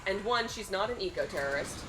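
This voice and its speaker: A woman's voice: medium pitch, quick pace, background noise. Chatty young woman retelling cartoon scenes. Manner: animated storyteller, acts out quotes. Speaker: charity marathon commentator. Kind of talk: casual chat.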